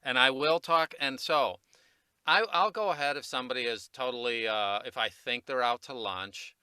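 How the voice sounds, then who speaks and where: A man's voice: mid-range voice, normal speed, sharp tone, a little hiss or hum. A man coaching voice actors in a casual podcast chat, rambling and self-deprecating, laughing easily. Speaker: voice recording coach, guest.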